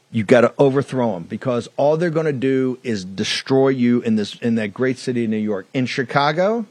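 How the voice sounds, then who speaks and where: A man's voice: medium pitch, dry recording. A man hosting a political talk show, delivering a combative, mocking monologue with lots of repetition.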